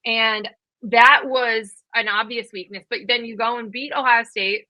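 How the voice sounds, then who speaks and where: A woman in her thirties co-hosting a college football podcast, talking fast and casually with lots of fillers. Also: a little high, steady tone, bright, forceful tone, dry recording, poor audio. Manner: quick, chatty, many fillers. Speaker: podcast co-host. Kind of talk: casual sports chat.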